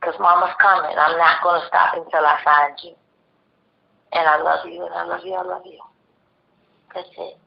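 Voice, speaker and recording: A woman's voice: fairly low pitch, level tone, fairly quick, creaky, muffled recording. A mother speaking on the phone, emotional and pleading. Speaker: mother of a missing daughter, guest. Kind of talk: phone interview.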